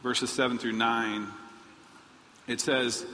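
A man preaching a sermon, animated, acting out quoted pleas in a raised voice. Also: medium pitch, normal speed. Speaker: pastor. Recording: long hall reverb, faint noise.

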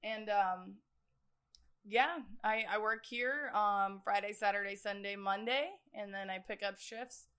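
A woman's voice: medium pitch, measured pace, fairly bright tone, clear, resonant tone. A young woman, a guest, chatting casually in a bar with a laid-back, filler-heavy way of talking. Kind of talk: casual chat.

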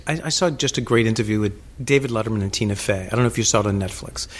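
A man's voice: on the low side, racing. A man hosting a podcast interview, telling stories animatedly with frequent swearing and stumbling repeats. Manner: animated storyteller, swears freely, repeats words. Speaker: podcast host. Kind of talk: casual interview chat.

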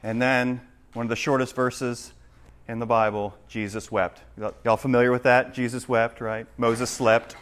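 A man preaching a sermon, swinging between loud, urgent questions and hushed explanation. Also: mid-range voice, level tone, moderate pace, clean tone. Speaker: pastor.

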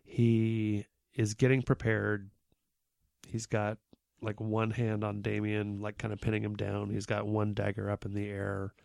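A man's voice: lowish voice, monotone, a little slow, creaky, a little mellow, dry recording, clean studio sound. A man co-hosting a podcast, casually recapping a movie plot in a laid-back way with fillers. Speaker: podcast co-host.

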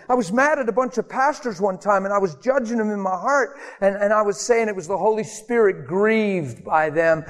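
Animated male preacher in a reverberant hall. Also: high voice. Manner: animated storytelling, acts out prayers and voices. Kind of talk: sermon. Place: church hall. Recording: long hall reverb, faint music.

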